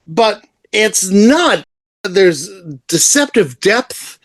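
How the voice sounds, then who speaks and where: A man's voice: very high-pitched, big pitch swings, slow, a bit bright, husky, no echo, soft background music. A man co-hosting a podcast, talking in a rambling, enthusiastic way and laughing often. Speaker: podcast co-host. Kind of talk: casual comic book review chat.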